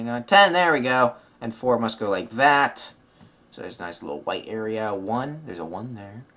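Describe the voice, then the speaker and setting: A gaming video creator with a somewhat low, slightly bright voice offers casual commentary on his gameplay. While working through puzzles he mutters numbers under his breath, tosses in chatty asides, and corrects himself as he thinks aloud.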